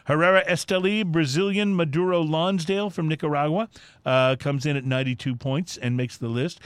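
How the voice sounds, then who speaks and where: A man's voice: on the high side, fairly quick, smooth, no room sound. A man co-hosting a casual talk show, reading through a cigar list with lots of fillers and easy enthusiasm. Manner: easygoing, filler-heavy, enthusiastic. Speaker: podcast co-host.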